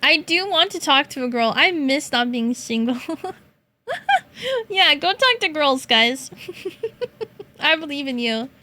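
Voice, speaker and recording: Young woman streamer, high bright voice, slow easy pace, teasing her chat and meowing. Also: animated. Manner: playful, teasing, laughs often, meows in a high voice. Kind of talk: casual chat with chat.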